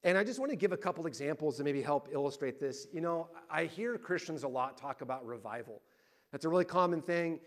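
A middle-aged man preaching a sermon, telling lively family stories and acting out the voices in them. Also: fairly high pitch, brisk. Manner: animated storyteller, acting out family arguments loudly. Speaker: pastor.

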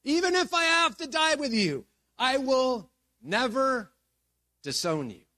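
A man voicing an impetuous, boastful young male disciple who makes loud, insistent vows. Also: on the high side, animated, a little fast, no room sound, studio quality.

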